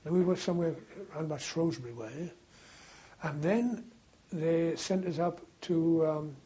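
A man's voice: a little high, a little slow, dark tone, slightly rough, muffled recording. An older man, a war veteran, recalling old times in a rambling, anecdotal way for an oral history interview. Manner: rambling anecdotal storytelling, frequent restarts.

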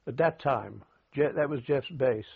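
An older British veteran, speaking in a creaky, husky mid-range voice, is interviewed about wartime radio. His recollections come as dry-humoured anecdotes with halting restarts, heard through a tinny, phone-quality recording.

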